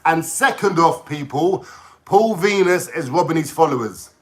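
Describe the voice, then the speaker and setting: A man ranting casually on a livestream, swearing and talking in an excitable way. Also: on the high side, moderate pace. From London.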